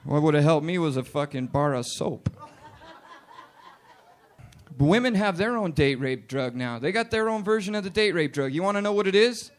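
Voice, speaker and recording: A man's voice: on the high side, lively intonation, normal speed. A man in his late twenties doing a profane, punchy stand-up comedy set in a bar. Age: 20s. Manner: profane, loud, punchy delivery with put-on voices. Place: bar stage with live audience.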